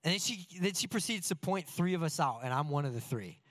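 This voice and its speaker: High-voiced earnest male preacher. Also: a little fast. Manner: earnest, animated, self-deprecating. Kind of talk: sermon with personal storytelling.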